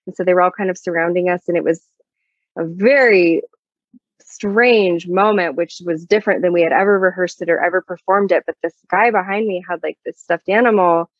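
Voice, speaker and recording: Low-voiced chatty woman, lo-fi. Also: fairly quick, dry recording. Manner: chatty storyteller, many fillers. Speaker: guest singer-songwriter. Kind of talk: casual interview chat. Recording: dull lo-fi dry sound.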